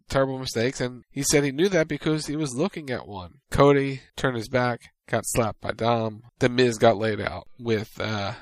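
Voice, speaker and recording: Man co-host, relaxed recap delivery, dry close mic. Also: medium pitch, no room sound. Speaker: podcast co-host recapping wrestling. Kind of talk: casual recap chat.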